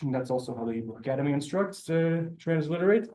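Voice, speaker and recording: This male Hebrew teacher speaks a little high, fairly quickly, with a slightly mellow tone. His classroom lesson is patient and methodical, and he regularly confirms that the students understand.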